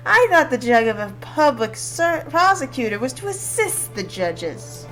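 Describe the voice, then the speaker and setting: A woman voicing a grumpy, impatient male bird judge, reading game dialogue in a gruff, cranky manner. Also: high voice, very animated, a bit bright, soft background music, full character voice. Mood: irritated. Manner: gruff and cranky, quick to anger.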